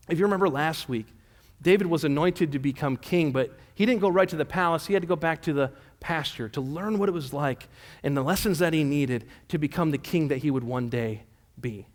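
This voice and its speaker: A male pastor preaches a sermon, retelling scripture in an easygoing, conversational way. His voice sits somewhat high for a man. A long reverb trails him through the church hall. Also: fairly quick. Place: church sanctuary.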